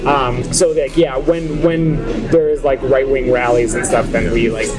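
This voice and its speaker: A man's voice: medium pitch, fairly even intonation, a little slow, over a noisy crowd, poor audio. A man explaining things hesitantly, with many fillers, on a hidden camera recording. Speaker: activist caught on hidden camera. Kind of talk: casual explaining. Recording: hidden camera clip over loud music.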